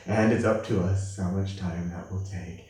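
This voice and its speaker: A man giving a spiritual class, telling stories gently and acting out the voices of the people in them. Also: steady tone, normal speed. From United States. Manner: gentle, storytelling, acts out quoted voices with rising pitch. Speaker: class teacher at a monastery. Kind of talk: spiritual class talk with acted anecdotes. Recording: echoey room from a distance.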